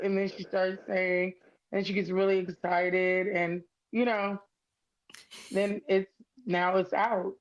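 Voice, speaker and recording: A woman's voice: medium pitch, fairly even intonation, slow pace, highs cut off. A woman chatting as the author's friend, teasing and playful as she tells stories. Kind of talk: casual chat, storytelling.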